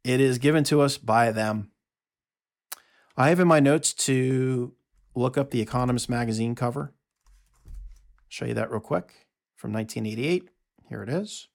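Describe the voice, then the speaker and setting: A man hosting a solo audio monologue from his notes, talking in an emphatic, sarcastic way with quick asides. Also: medium pitch, vocal fry. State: out of breath. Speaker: podcast host.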